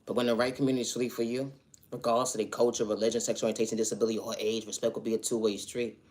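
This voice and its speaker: A man delivering an earnest spiritual motivational monologue, repeating affirmations and now and then breaking into loud, high shouted refrains. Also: level tone, very fast. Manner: repetitive affirmations, earnest and emphatic. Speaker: spiritual vlogger.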